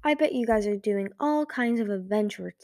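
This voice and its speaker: A woman's voice: medium pitch, normal speed, a little mellow, dry recording, close to an everyday voice. A blunt, bitter young female dragon, lonely and dangerous, speaks in a storybook reading, as a woman puts her on. The recording is dry and close. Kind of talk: audiobook reading.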